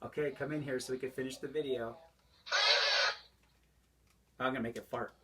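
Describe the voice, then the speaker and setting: A man's voice: medium pitch, steady tone, moderate pace. A man, a father, casually reviewing a toy with his child at home, chatty and laughing as he shows each feature. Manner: chatty, laughs often, demonstrates as he goes. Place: room at home. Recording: loud background noise.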